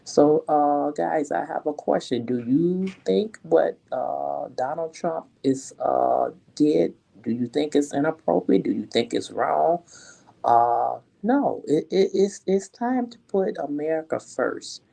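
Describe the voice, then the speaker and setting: A woman's voice: deep voice, expressive, slow pace, vocal fry, dark tone, rough recording. A woman vlogger giving her opinions in an emphatic, indignant way, often repeating her points. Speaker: political commentary vlogger. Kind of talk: opinion vlog.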